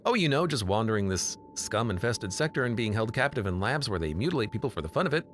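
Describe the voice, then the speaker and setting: A man's voice: on the low side, very animated, quick pace, fairly bright tone, slight background noise. A man voicing a bitter, threatening male salt-creature warrior in a video game, sarcastic and menacing.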